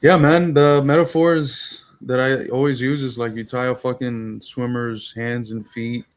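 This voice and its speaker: A man co-hosting a podcast, teasing his friend in jokey, animated political chat. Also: mid-range voice, unhurried. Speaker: podcast co-host.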